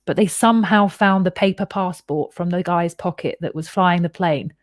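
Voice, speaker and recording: A woman's voice: on the low side, moderate pace, no room sound, clean studio sound. A woman hosting a podcast, telling a personal story in a casual, candid way and acting out the voices she quotes. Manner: animated and candid, swears freely, acts out quoted voices. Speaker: podcast host.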